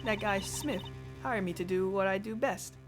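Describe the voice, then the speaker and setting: A woman's voice: medium pitch, normal speed, over music, lightly acted. A woman voicing a brash, confident con-artist card dealer with a put-on New York accent.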